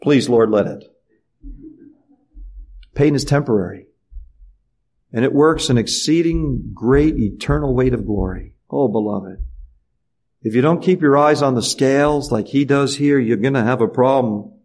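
A man's voice: mid-range voice, moderate pace, pauses often, darkish tone. A middle-aged man preaching a sermon in an earnest way, asking the congregation rhetorical questions. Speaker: pastor.

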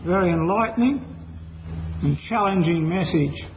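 High-voiced man leading a church service. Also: expressive, a little hiss or hum. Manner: measured, formal. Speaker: service leader. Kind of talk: announcing a hymn. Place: church hall. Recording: lo-fi recording in a reverberant hall.

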